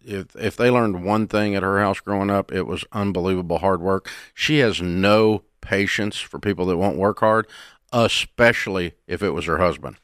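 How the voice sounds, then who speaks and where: A man's voice: sits low, moderate pace, fairly bright tone, clear, resonant tone, no room sound, clean studio sound. A middle-aged man hosting a call-in advice show, talking in a blunt, folksy, emphatic way. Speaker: radio show host.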